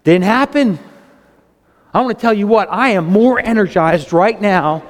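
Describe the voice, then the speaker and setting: A man in his fifties preaching a sermon with excitable storytelling, speaking. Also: unhurried, in a large hall. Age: 50s. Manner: excitable, storytelling, animated swings in pitch.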